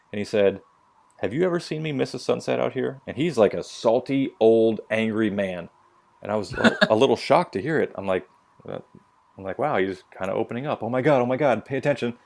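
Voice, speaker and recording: A veteran with a lowish, darkish voice speaks briskly on a casual podcast. His storytelling is blunt and profane, and he acts out quotes.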